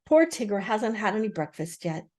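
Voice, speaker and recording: A woman voicing a gentle, simple-minded male bear in a storybook reading. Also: mid-range voice, big pitch swings, normal speed, close to an everyday voice.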